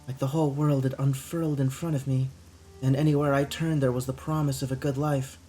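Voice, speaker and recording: A jaded young woman guide from a cyberpunk game, weary and disillusioned, her words low and flat, as a man reads her lines aloud. Her voice is subdued and soft-edged, never rising, with a bitter dryness to every phrase. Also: brisk, soft background music, natural voice. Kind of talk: live-streamed game dialogue read aloud.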